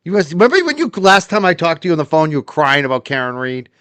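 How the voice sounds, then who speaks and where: A man's voice: on the high side, big pitch swings, fast, a bit bright, clear, resonant tone, no echo. A man commentating on clips with a profane, mocking and sarcastic tone. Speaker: live-stream commentator.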